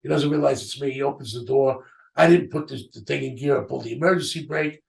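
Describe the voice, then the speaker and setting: A middle-aged man with a heavily gravelly, rough voice tells a long, winding story. He acts out both sides of old conversations with "I says" and "he says". He sits somewhat back from the microphone. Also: mid-range voice, steady tone, fast talker, a little mellow, recorded from a distance. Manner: rambling anecdotal storytelling, quotes others with "I says". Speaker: podcast host. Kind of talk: storytelling monologue.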